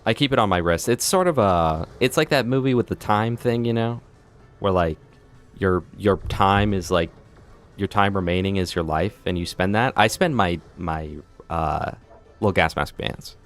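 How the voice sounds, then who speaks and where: A man's voice: deep voice, normal speed, soft background music. A young man streaming a video game live, chatting and joking with his viewers in a rambling way. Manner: joking, rambling, breaks into silly voices. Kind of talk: live gameplay chat.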